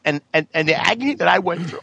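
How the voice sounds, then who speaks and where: A man's voice: high voice, fast, creaky, bright, forceful tone. Blustery, indignant man in his fifties. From New Jersey. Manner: indignant, blustery, swears, stumbles over words. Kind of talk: casual chat.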